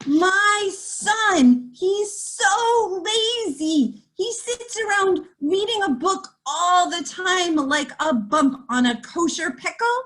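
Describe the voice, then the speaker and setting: A woman's voice: extremely high pitch, lively intonation, slow, hardly any pauses, a bit bright, voice pushed up, full character voice, low-quality recording. A woman voicing a complaining old woman who groans and whines about everything. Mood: whining. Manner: whiny, groaning, exaggerated sighs. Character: complaining old Jewish woman, forever kvetching.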